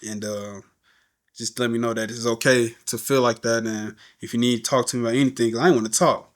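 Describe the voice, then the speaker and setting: A man's voice: mid-range voice, fast. A middle-aged man, a podcast guest, telling a story in casual talk and acting out the voices of the people he quotes. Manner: animated, acts out quoted voices.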